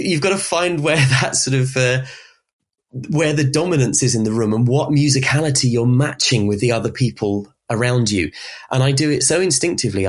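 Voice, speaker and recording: A man with a Southern English Berkshire accent talks through ideas in an expressive, conversational way. His voice has a husky, slightly breathy edge. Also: medium pitch. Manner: expressive, demonstrates speech sounds, light laughs. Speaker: podcast guest, voice specialist. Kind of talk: conversational interview.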